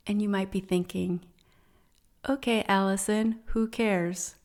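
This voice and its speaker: A woman hosting a spiritual podcast, talking casually and earnestly, telling personal stories with animated feeling. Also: medium pitch, slow, pauses often. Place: home in the Netherlands.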